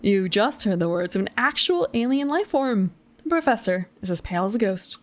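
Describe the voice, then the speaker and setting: A young woman streams herself reading a gamebook aloud, in a voice of ordinary middle pitch. She breaks off into chatty, giggly, self-deprecating remarks. Her tone stays casual throughout. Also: expressive, fairly quick.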